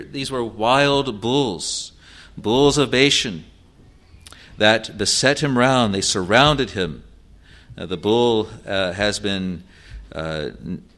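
Male preacher, low voice, very slow and halting delivery, verse-by-verse sermon full of fillers. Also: a bit bright. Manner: slow and halting, frequent "uh" fillers and self-corrections; reads scripture in an older, formal register. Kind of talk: sermon exposition of scripture.

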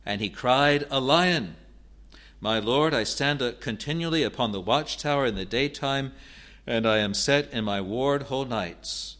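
A man teaching through Bible verses in a halting way, often restarting and repeating words, and reading scripture passages aloud with rising emphasis. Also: mid-range voice, fairly bright tone.

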